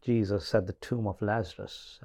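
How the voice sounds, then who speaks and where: A man co-hosting a Bible-study chat, measured and pausing with hesitant fillers. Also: on the low side, fairly even intonation, dark tone. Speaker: co-host.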